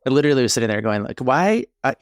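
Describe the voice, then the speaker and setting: A man co-hosting a podcast at a mid pitch, telling a story casually and wandering off into tangents. The sound is dry and close, with no room around it. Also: rapid-fire, no room sound. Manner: rambling, animated storytelling with tangents. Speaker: podcast co-host, therapist. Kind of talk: casual chat.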